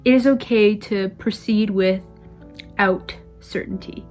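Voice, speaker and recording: A woman's voice: mid-range voice, takes it slowly, a little mellow, soft background music. A young adult woman vlogging in a casual, chatty way, dramatically complaining and using lots of "like" fillers. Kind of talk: casual vlog chat.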